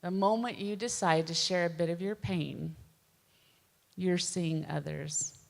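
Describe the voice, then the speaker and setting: Slow, gentle woman in a reverberant hall. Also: on the low side, creaky. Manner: slow, gentle and earnest, with soft pauses. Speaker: speaker sharing a personal testimony. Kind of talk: personal testimony talk.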